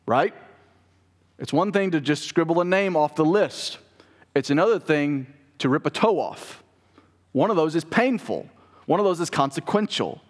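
Male pastor, mid pitch, chatty preaching style, long hall reverb. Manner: conversational preaching with asides to the congregation. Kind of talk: sermon.

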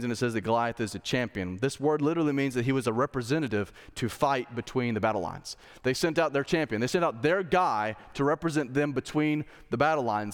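A pastor preaches in an easygoing, conversational manner, dropping slang asides and then building to emphatic declarations. His voice sits at a middle pitch for a man. It rings out with a long reverb from the church room around him. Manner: rises to emphatic intensity when making a point. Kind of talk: sermon. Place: church sanctuary.

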